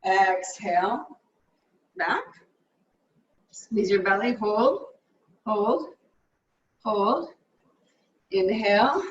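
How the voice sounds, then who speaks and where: A woman teaching a live yoga class, cueing poses in a brisk, upbeat way and a little out of breath. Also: mid-range voice, expressive, muffled recording. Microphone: camera mic at a distance. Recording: echoey room, from far off.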